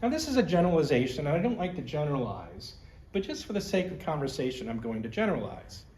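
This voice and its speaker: A man's voice: fairly high pitch, big pitch swings, fast, a little mellow, roomy sound. A man giving a conversational history lecture as a museum curator, explaining with slides and personal asides.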